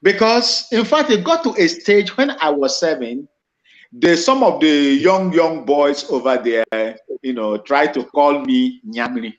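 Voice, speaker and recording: A man's voice: fairly high pitch, animated, measured pace. A man with a Nigerian accent giving an impassioned monologue, emphatic and repetitive, often restarting his phrases. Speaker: commentator. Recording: dull lo-fi recording.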